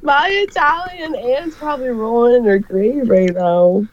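Woman podcast guest, higher voice, laughs easily at herself, lo-fi recording. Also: measured pace, a little hiss or hum. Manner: giggly, self-mocking. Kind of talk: casual podcast chat.

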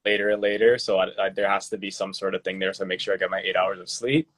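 A young man co-hosting a podcast, talking in a relaxed, hesitant way with lots of fillers. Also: sits low, fast. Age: young adult. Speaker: podcast co-host. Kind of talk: casual chat.

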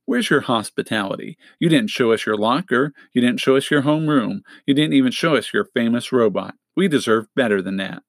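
A man's voice: medium pitch, brisk, hardly any pauses, dry recording, studio quality, natural voice. A man doing a drawling, cocky teenage troublemaker. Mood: mocking. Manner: drawling, sarcastic.

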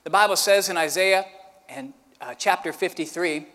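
A man preaching a sermon who tells a lively story and acts it out with sound effects. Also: sits high, moderate pace, big-room sound. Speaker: pastor.

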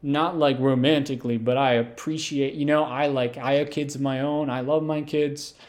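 Comic bit: a man playing a soft-spoken, earnest muscle guy. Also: mid-range voice, steady tone, normal speed, lightly acted. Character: big buff man, gentle and earnest.

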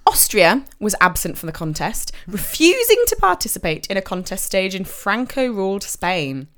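A young woman chats her way through a story on a podcast. Her pitch swings widely as she talks, she swears casually and she laughs often. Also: big pitch swings, moderate pace, a bit bright. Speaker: podcast co-host. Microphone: podcast microphone.

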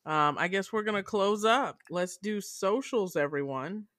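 A woman's voice: mid-range voice, unhurried, a bit bright, no room sound, clean studio sound. A woman hosting a casual podcast chat, talking bluntly and swearing freely while she steers the group. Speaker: podcast host.

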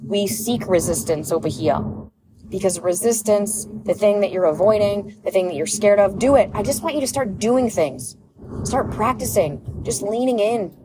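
A young woman hosting a podcast in an energetic, casual motivational monologue, repeating phrases and laughing often. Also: mid-range voice, moderate pace, background noise. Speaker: podcast host, business coach.

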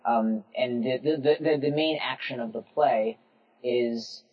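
A man with a husky voice argues his case on a casual podcast, tripping over and repeating his words. He is a little off mic, on dull lo-fi audio. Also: mid-range voice, unhurried, recorded from a distance. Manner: argumentative, stumbles and repeats words. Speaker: podcast co-host.

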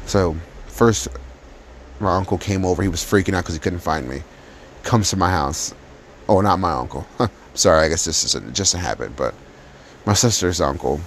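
A man's voice: low voice, a little hiss or hum. A man telling a personal story about his past in a casual, blunt and profane way.

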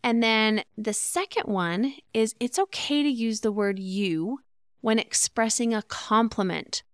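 A woman's voice: fairly high pitch, animated, unhurried, smooth, no room sound, studio quality. A woman hosting a relationship podcast, talking earnestly and in a teaching way, now and then acting out sample phrases. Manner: earnest, instructive, acts out example phrases. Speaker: podcast host. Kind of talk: relationship advice podcast monologue.

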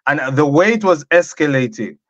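A slightly high-voiced man chatting loosely with friends, rambling through a story with plenty of "you know" and "uh". The sound is dead dry and a little muffled. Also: normal speed, no room sound. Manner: relaxed, chatty storytelling with fillers. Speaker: podcast co-host. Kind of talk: casual banter.

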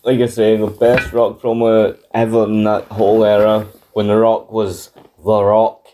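A man with a dark, mellow voice chatting casually as a co-host. He speaks bluntly and swears freely, with a laid-back delivery and faint noise behind him. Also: on the low side, monotone, unhurried. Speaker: podcast co-host. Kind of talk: casual chat.

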